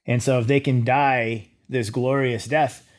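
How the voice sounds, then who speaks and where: A middle-aged man, a former soldier, telling his story as an interview guest in a lively way, acting out his own thoughts. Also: medium pitch, unhurried. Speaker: guest, former Green Beret.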